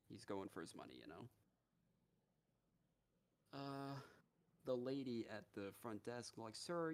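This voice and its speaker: A male streamer with a low, gravelly voice retells a story in a casual, profane, animated way. His pitch swings widely as he talks, and faint noise and keyboard clicks sit under him.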